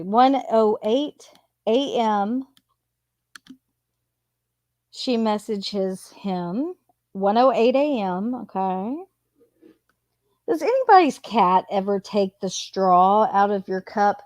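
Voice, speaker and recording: Reading text messages at home with a cat nearby, a true crime commentator keeps things casual and slips sarcastic asides between them. Her mid-range voice is animated yet slow, with frequent pauses, and the recording is dry.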